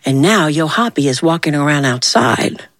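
A woman telling a children's story in an animated, folksy way. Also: sits low, moderate pace, no echo, clean studio sound. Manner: animated, folksy, voicing characters.

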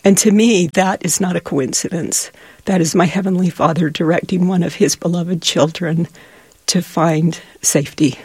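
A woman's voice: on the low side, fairly even intonation, moderate pace, darkish tone, slightly rough, no echo. A middle-aged woman volunteer answering interview questions, telling stories with earnest emotion. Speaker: charity volunteer.

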